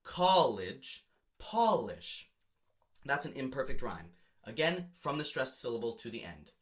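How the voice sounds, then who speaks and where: A man's voice: medium pitch, big pitch swings, fairly quick, a bit bright. A man, a music educator, explaining song lyrics in a lecture with emphatic examples.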